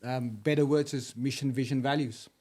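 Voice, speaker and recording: A man's voice: medium pitch, fairly even intonation, normal speed, a little mellow. A man co-hosting a casual business podcast, laying out his points as simple lists. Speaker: podcast co-host.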